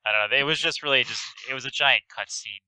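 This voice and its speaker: A man's voice: medium pitch, fast talker, pushed and bright, clean tone, dry recording, rough recording. A man co-hosting a podcast, chatting casually with easygoing, dry remarks. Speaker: podcast co-host. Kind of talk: casual chat.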